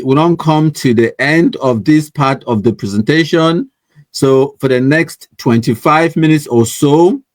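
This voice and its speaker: Blending Pidgin with English, this Cameroonian-accented man hosts an online news show as a relaxed live stream, reading out viewer comments and ribbing them with frequent laughter. The recording has no room sound, and his pitch leans high.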